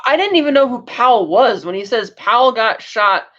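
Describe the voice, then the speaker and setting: A woman's voice: a little high, expressive, moderate pace, fairly bright tone, muffled recording. A woman co-hosting a podcast, casually recapping episodes in a rambling way and acting out quotes. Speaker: podcast co-host.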